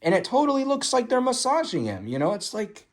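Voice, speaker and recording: A young man giving casual, excited commentary on film stills, swearing freely and full of fillers and restarts. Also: very high-pitched, fairly quick. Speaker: vlogger reviewing a film photo book. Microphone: phone.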